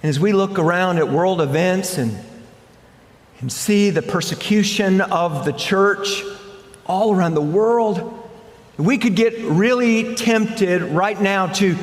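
A man's voice: high voice, slow pace. A male pastor preaching a verse-by-verse sermon, emphatic and repeating key phrases. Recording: echoey hall.

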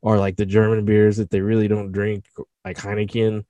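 A young man co-hosting a podcast, animated and jokey, swearing freely in casual chat. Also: fairly low pitch, moderate pace, no room sound, highs cut off. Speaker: podcast co-host.

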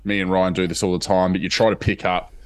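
A man's voice: sits low, level tone, fast, no echo. A young Australian man with an Australian accent, co-hosting a podcast in an easygoing, slangy way with hesitant restarts. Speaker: podcast co-host. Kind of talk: casual podcast chat.

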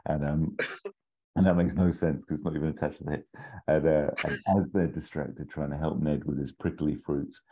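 A man with an extremely deep, dark voice tells a made-up film scene with relish. He keeps breaking into squeaky character bits, and the sound is dull and lo-fi. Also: moderate pace, husky. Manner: animated, jumps into silly high voices for characters. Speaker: podcast co-host pitching an imagined sequel. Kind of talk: casual comedic storytelling.

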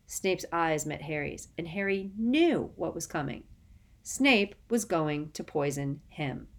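Lady reading an audiobook, kinda low voice, steady. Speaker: audiobook narrator. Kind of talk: scripted narration.

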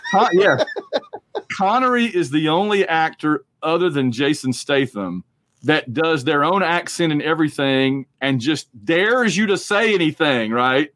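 A man co-hosting a casual movie podcast, talking in a rambling, jokey, animated way. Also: a little high, a little slow, no room sound. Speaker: podcast co-host.

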